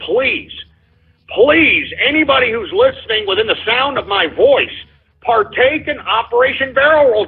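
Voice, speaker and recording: A man's voice: extremely high pitch, vocal fry, breathy edge. A man hosting a call-in radio show, ranting heatedly with lots of profanity and repetition. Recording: lo-fi phone-like sound.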